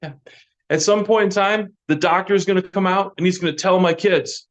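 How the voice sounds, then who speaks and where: A man's voice: high-pitched, expressive, fairly quick. A middle-aged man from Michigan doing a dry, self-deprecating stand-up set. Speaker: stand-up comedian. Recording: dull, lo-fi sound.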